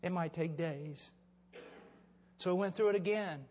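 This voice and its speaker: An older man preaching, telling stories in a low, hushed voice, then building to loud, shouted exhortation. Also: measured pace, long reverb tail. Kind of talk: sermon with storytelling.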